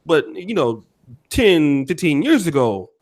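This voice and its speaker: A man's voice: fairly high pitch, very animated, measured pace. A young American man with an American accent speaking bluntly in a casual podcast chat, swearing freely.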